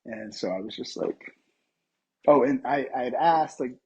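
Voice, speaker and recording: A man from Colorado tells a story from his acting life in an easy interview setting. His voice is strongly husky and sits in a middle range. He talks in an animated way with plenty of fillers. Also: mid-range voice, moderate pace, poor audio. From Colorado, USA. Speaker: actor, podcast guest.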